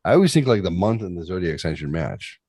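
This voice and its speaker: A man's voice: low-pitched, sing-song, fast talker, a little mellow, slightly rough, dry recording. A man hosting a podcast, chatting casually and ranting with lots of swearing into a close mic. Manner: profane ranting. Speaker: podcast host. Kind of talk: casual chat, reading aloud.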